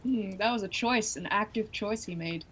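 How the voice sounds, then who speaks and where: A woman's voice: medium pitch, moderate pace, slight background noise. A woman playing in a tabletop game, chatting casually and laughing with the group. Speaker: player.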